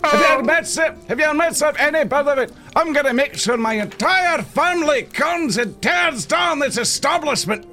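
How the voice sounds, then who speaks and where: A man's voice: very high-pitched, big pitch swings, unhurried, sharp tone, faint music behind, exaggerated voice. A man doing a fussy customer reeling off a huge order. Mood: threatening. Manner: rattles off an endless order, then blusters threats. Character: fussy stout male customer with a lamp on his head.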